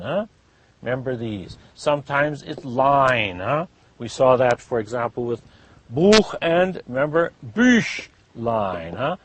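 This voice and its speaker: A man's voice: mid-range voice, slight background noise. A man teaching a German class, drawing out vowels to demonstrate them and checking in with "huh?" after each point. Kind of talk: classroom lecture.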